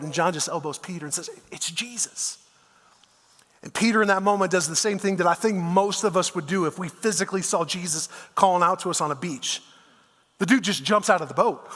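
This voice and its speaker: High-voiced male pastor in echoing hall. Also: fairly bright tone. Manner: conversational storytelling, casual asides like "man" and "dude". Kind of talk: sermon. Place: church auditorium.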